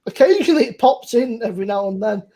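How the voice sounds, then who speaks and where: A man's voice: very high voice, lively intonation, fast, warm tone. A young man with a Bristol accent hosting a casual chat over beers, rambling, laid-back and swearing freely. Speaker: podcast host.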